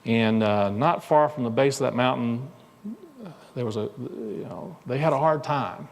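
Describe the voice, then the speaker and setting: Male pastor storytelling, gravelly voice, lots of restarts, long echo in a church hall. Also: mid-range voice, slight background noise. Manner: conversational, halting, many restarts. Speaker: minister. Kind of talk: sermon storytelling. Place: church sanctuary.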